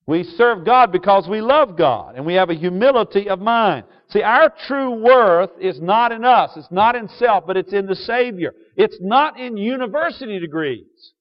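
A man preaching a sermon to a congregation, asking them questions and switching from loud emphasis to quiet asides. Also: sits high, expressive, moderate pace, hardly any pauses. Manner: call-and-response questions to the congregation. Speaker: pastor. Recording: dull lo-fi sound.

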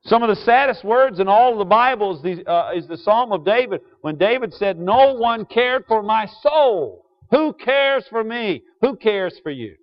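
A man preaching a sermon to a congregation, asking them questions and switching from loud emphasis to quiet asides. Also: high voice, expressive, normal speed, few pauses. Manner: call-and-response questions to the congregation. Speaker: pastor. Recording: dull lo-fi sound.

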